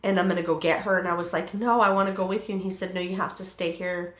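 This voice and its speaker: A middle-aged woman telling her personal testimony in an interview, halting, with many fillers and restarts. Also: on the low side, fairly even intonation, a bit bright, roomy sound.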